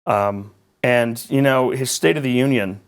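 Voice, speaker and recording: A political journalist, guesting in a conversational interview, rambles animatedly and tosses in sarcastic asides. He has a mid-range voice and a measured pace.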